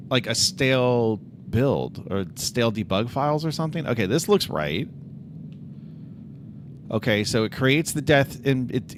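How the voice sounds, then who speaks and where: A man streaming his game development, thinking aloud as he debugs and talking straight to his chat. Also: mid-range voice. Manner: thinks aloud, mutters to himself and addresses chat directly. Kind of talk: casual livestream chat while coding.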